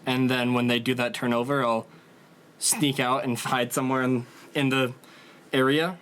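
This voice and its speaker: A man's voice: medium pitch, fairly bright tone. A man playing in a tabletop game, thinking aloud hesitantly with many fillers. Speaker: player. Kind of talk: casual tabletop play.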